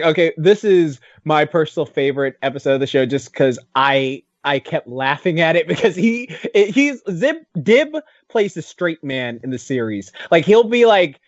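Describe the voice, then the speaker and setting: A young man co-hosting a casual podcast, excitable, laughing often and acting out characters as he retells scenes. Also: a little high, no room sound, dull audio. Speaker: podcast co-host.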